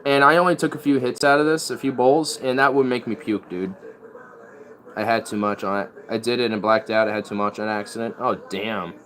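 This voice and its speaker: A man's voice: medium pitch, fairly quick, fairly bright tone. A man rambling in casual chat as a streamer. He is laid-back and slangy and often breaks into laughs.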